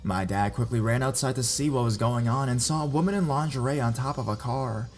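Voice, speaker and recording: A man reading reader-submitted scary stories aloud in a measured, even narration. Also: mid-range voice, slight background noise. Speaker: horror story narrator.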